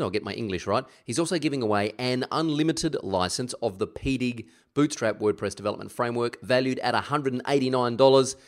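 Man, podcast host, lowish voice, energetic, plain-spoken intro talk.

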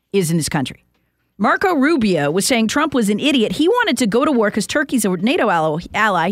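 A woman's voice: medium pitch, no echo, studio quality. A woman hosting a talk show, delivering an emphatic, opinionated and mocking political monologue. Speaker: talk radio host.

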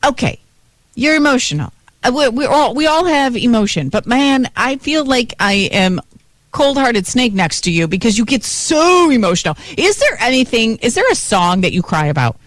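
A woman's voice: a little high, big pitch swings, normal speed, no echo. A middle-aged woman co-hosting a morning radio show, teasing and blunt in casual banter. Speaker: radio co-host.

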